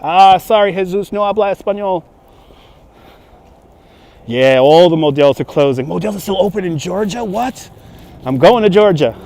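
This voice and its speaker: A fairly high-voiced man with a light New York accent strolls outdoors while livestreaming. He chats casually, reacting to viewer comments. Street traffic passes in the background as he holds a phone on a gimbal. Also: lively intonation, moderate pace, a little mellow. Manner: chatty, answers viewer comments on the go. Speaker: livestream walking tour guide. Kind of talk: casual live-stream chat while walking. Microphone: handheld phone on gimbal.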